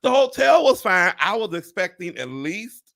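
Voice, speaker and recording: A man in his forties hosts a casual live chat, swinging his voice high and low with a gravelly edge. He tells stories with big animated energy and leaps into squeaky voices to quote people. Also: moderate pace. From Pontiac, Michigan. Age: 40s. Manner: animated storyteller, jumps into high voices when quoting people. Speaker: host.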